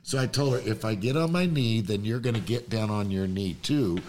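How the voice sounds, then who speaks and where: A man's voice: on the low side, brisk, darkish tone, a little hiss or hum. A man, a podcast guest, telling a story animatedly, acting out the voices he quotes and laughing often.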